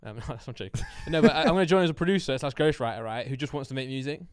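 A young man talks at a quick clip, spinning playful, rambling stories as co-host of a casual podcast. His voice sits at an ordinary pitch and is recorded close and dry, with no room sound. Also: animated, darkish tone, no room sound. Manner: quick, jokey, playful storytelling with lots of fillers. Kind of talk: casual chat.

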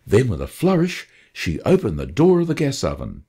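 A man presenting on radio and reading a short story aloud in an expressive storytelling manner. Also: mid-range voice, normal speed, breathy edge.

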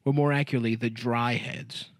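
A man's voice: mid-range voice, steady tone, brisk, no room sound, studio quality. A man co-hosting a comedy podcast, telling rambling anecdotes in casual chat and laughing often. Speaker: podcast co-host.

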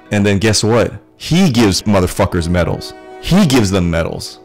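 Guy with a real low gravelly voice, swearing nonstop, rambling and getting all fired up. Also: slow, faint music behind. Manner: profane, rambling, builds to shouting excitement. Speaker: vlogger. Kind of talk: excited casual rant.

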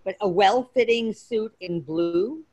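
A woman's voice: mid-range voice, slow pace, a little mellow, slightly rough. A woman student in a casual group lesson, reading lines aloud and translating them, a bit tentatively.

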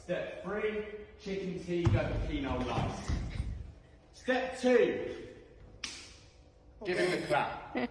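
A man acting as a self-styled self-defense sensei who walks through his moves with earnest, deadpan seriousness. His voice is high and sounds echoey and noisy, as if recorded in a large bare room. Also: slow pace, long pauses, exaggerated voice.

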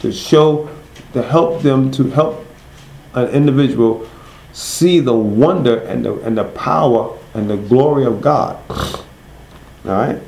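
A man's voice: medium pitch, darkish tone. Man teaching Bible study in an echoey room. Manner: asks the class questions, then answers them; reads verses slowly and stresses each word.

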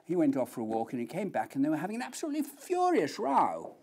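A man's voice: fairly high pitch, huge pitch swings, fast, darkish tone. A man giving an academic lecture on philosophy, telling stories and acting out the quoted voices.

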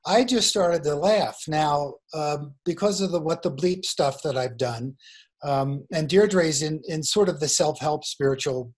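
Joining over a remote internet call from a mountain location, a male guest author is interviewed. His voice is fairly high and measured as he tells a long, meandering story, frequently restarting sentences.

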